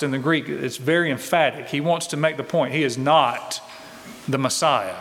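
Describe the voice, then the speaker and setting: A pastor preaching a verse-by-verse sermon, teaching in a conversational way and asking rhetorical questions. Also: male voice, medium pitch, steady tone, normal speed, a bit bright, big-room sound. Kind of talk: expository sermon.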